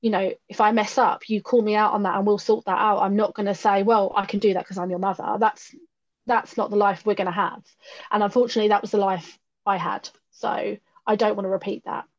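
A woman's voice: mid-range voice, little pitch movement, brisk. A middle-aged woman speaks with earnest candour, often doubling a word before her thought gets going. Her voice sits in a middle register. The audio is dull and lo-fi. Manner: earnest, repeats words when starting a thought. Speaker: podcast guest. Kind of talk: candid conversational chat.

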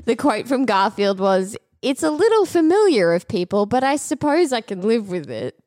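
A woman's voice: a little high, very animated, moderate pace, a little mellow, no room sound, studio quality. A woman co-hosting a podcast, casually reading out news stories with frequent giggles and small stumbles. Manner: giggly, reads with stumbles and laughs. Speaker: podcast co-host.

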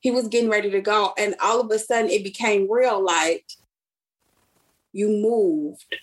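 Husky-voiced woman from Chicago, animated storyteller. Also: mid-range voice, brisk. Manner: animated storyteller who acts out quoted speech. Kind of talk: casual chat.

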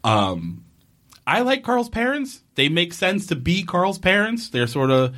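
Exasperated male podcast co-host, lively swinging pitch, frequent swearing. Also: unhurried. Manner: exasperated, ranting, swears often. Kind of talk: casual TV episode recap.

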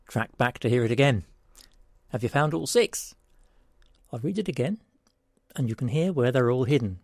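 A man's voice: medium pitch, expressive, moderate pace, long pauses, darkish tone, no room sound, clean studio sound. A man hosting a word-puzzle segment, reading a story aloud and explaining, in a playful way.

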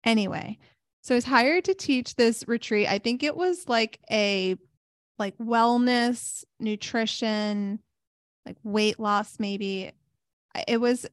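A young woman co-hosting a yoga podcast spins a story in a fairly high voice, laughing often and filling every pause with "like". She is recorded close up in a dry room with no echo. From South Florida. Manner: animated storyteller who laughs often and says "like" a lot. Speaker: podcast co-host, yoga teacher. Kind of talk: casual chat, storytelling.

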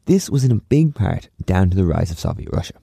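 A man's voice: deep voice, sing-song, brisk, gravelly, warm tone, breathy edge, no echo, clean studio sound. Wry man telling history. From Ireland. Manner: casual and wry, with sarcastic asides. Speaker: history podcast host. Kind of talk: scripted history narration.

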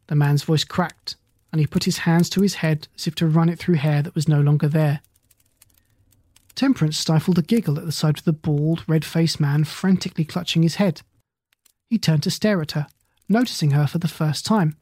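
A narrator reads a children's story aloud in a calm, even way. The sound is close and dry, with no room around it. The voice sits at a middling pitch. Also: a little fast, slightly rough, no room sound. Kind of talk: storybook reading.

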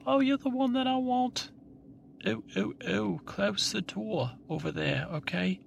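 A man voicing a flirty Australian woman in role-play, crooning in a breathy falsetto. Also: measured pace, muffled recording, a little hiss or hum, full character voice.

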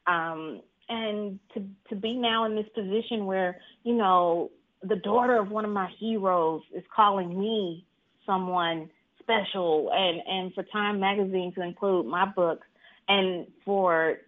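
A lively woman from Mississippi talks casually from home, laughing often and slipping into a higher voice when she quotes people. Her voice comes through a thin, tinny video-call line at a middle pitch. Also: a little slow. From Mississippi, USA. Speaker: author being interviewed. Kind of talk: casual storytelling interview.

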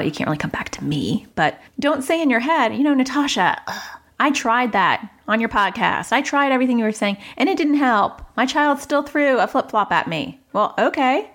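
A middle-aged woman hosting a parenting advice podcast, chatty and self-mocking, sometimes acting out what a child might say. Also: fairly high pitch. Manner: chatty, laughs at herself, acts out child voices. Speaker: podcast host.

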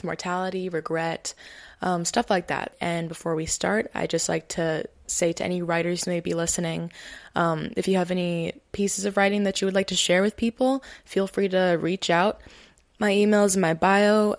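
A young woman hosting a podcast and reading her own short story aloud in a calm, even storytelling manner. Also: lowish voice, no echo, studio quality. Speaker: podcast host and reader.

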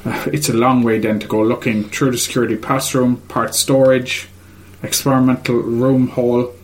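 A man's voice: mid-range voice, flat delivery, normal speed. A man in casual chat, retelling a video game's story in a hesitant, rambling way full of ums and uhs.

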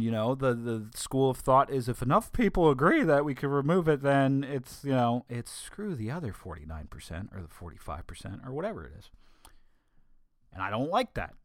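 A man giving an opinion monologue, emphatic with sarcastic asides, slowing down to stress key words. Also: mid-range voice, no echo, studio quality. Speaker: political commentator.

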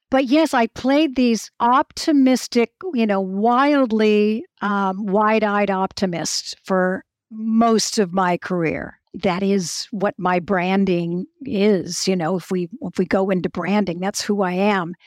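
A woman in her sixties, a guest telling animated stories with frequent restarts. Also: medium pitch, no echo, clean studio sound. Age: 60s. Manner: animated storyteller, restarts often. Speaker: actress and guest. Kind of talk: casual interview talk.

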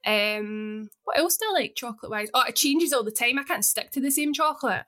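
A woman, co-hosting a casual podcast chat, chatty and quick to laugh. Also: on the high side, lively intonation, a bit bright. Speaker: podcast co-host.

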